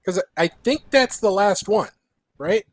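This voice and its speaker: A man co-hosting a live fighting-game show on a convention floor, giving measured predictions. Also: sits high, animated, no echo. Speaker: co-host. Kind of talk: live event commentary, making predictions. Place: large indoor convention hall floor.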